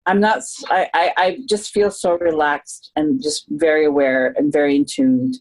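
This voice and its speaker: A middle-aged Canadian woman with a notably low voice talks as a podcast guest. Her delivery is earnest and reflective. She thinks aloud and often circles back to restart a sentence. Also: steady tone, normal speed, darkish tone, poor audio.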